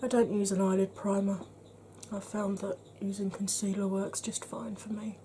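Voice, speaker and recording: A woman's voice: mid-range voice, little pitch movement, normal speed, mellow, a little hiss or hum. A middle-aged woman chatting frankly to camera in a makeup review, slipping into a half-whisper while she blends and cracking dry jokes. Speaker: beauty vlogger.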